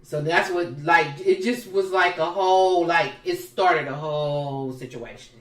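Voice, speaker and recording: A woman's voice: on the low side, a little slow. A woman co-hosting a podcast, casually retelling reality TV drama and acting out the people she quotes. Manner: animated storyteller, acts out the people she quotes. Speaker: podcast co-host. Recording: roomy sound, distant from the mic.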